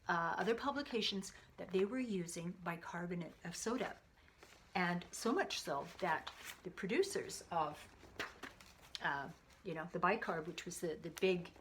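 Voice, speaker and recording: A woman's voice: medium pitch, a bit bright, slight background noise. A woman hosting an explanatory history video, chatting casually and reading old newspaper clippings aloud. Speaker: video host.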